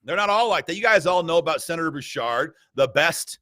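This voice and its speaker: A man's voice: a little high, animated, a little fast, sharp tone, dry recording. A man hosting a political commentary, reading emails aloud in a combative, sarcastic and mocking way. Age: adult with a school-age child. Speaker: gun rights group host.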